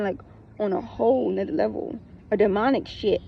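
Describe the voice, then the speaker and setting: A woman's voice: medium pitch, measured pace, vocal fry, dull audio, a little hiss or hum. A woman in a casual spiritual talk, blunt and emphatic, who swears, repeats her points and keeps breaking into laughter. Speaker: spiritual content creator.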